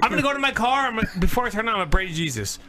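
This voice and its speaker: A man's voice: sits high, rapid-fire, very noisy. A man co-hosting a podcast, telling stories with lots of swearing and laughter. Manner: profane, laughing, animated storytelling. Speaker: podcast co-host. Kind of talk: casual comedic chat.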